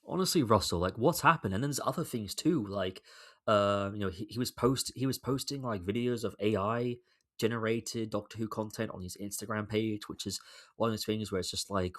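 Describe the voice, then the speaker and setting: Exasperated young man, low voice, rambling. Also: brisk, a bit bright. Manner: rambling, exasperated, swears freely. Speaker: podcast host. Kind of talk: casual solo commentary.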